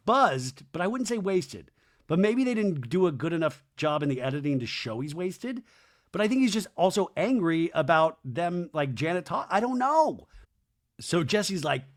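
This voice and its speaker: A man hosting a comedic podcast, recapping a reality show and acting out the cast's lines with big jumps in pitch and loudness. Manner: acts out quotes with big swings in pitch and loudness; excitable, quick asides and restarts. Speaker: podcast host.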